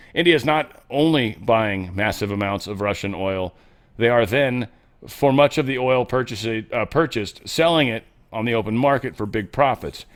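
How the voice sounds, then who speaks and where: A man hosting a solo commentary show, talking casually and sarcastically, swinging between loud outbursts and muttered asides. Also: mid-range voice. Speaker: host of a political commentary show.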